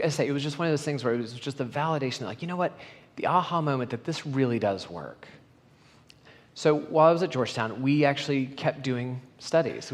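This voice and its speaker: A middle-aged man giving a conference talk, telling stories and acting out the dialogue with animation. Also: mid-range voice. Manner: animated, acts out quoted dialogue. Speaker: conference speaker. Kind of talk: storytelling keynote talk. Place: conference hall. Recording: long hall reverb.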